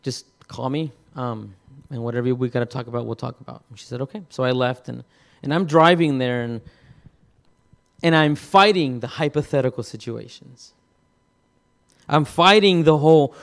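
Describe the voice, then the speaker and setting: A man preaching, telling a personal story in a halting way, with many repeated words and restarts. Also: mid-range voice, gravelly. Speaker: pastor. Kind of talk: sermon testimony.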